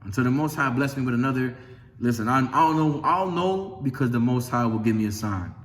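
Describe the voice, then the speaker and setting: Brisk and lively in intonation, a medium-pitched man hosts religious videos, reading scripture and chatting casually about it and his own experiences. He rambles and often starts over, and sometimes acts out conversations, raising his voice as he retells them.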